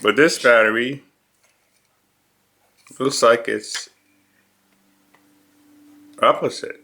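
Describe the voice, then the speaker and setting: Slow, bright-voiced man explaining. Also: medium pitch. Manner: slow, methodical, step-by-step. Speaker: dad fixing a toy. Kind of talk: casual explanation. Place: at home indoors.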